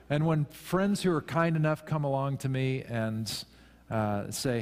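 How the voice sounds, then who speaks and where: A man's voice: mid-range voice, lively intonation, moderate pace, a little mellow. A man preaching a sermon to his congregation, conversational and self-deprecating, with emphatic rises. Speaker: pastor. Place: church sanctuary. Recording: long hall reverb.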